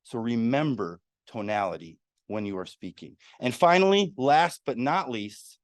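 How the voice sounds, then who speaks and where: A man's voice: mid-range voice, a little slow, no echo. Guy teaching a speaking workshop, asks the crowd stuff, dry room sound. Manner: animated, asks the audience questions. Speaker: workshop presenter. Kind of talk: public speaking lesson to a live audience. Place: meeting room.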